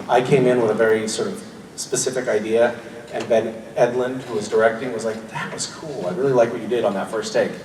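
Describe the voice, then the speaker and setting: A man in his forties answering fan questions at a convention panel, telling rambling, self-deprecating stories and laughing often. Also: mid-range voice. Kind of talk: casual Q&A storytelling. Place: large convention hall. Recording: echoey hall recorded from far off with noise.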